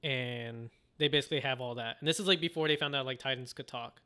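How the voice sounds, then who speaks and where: Bright, clear-voiced man retelling a story. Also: mid-range voice, quick pace. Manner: rambling storyteller, acts out quoted voices. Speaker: podcast co-host. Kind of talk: casual anime recap chat.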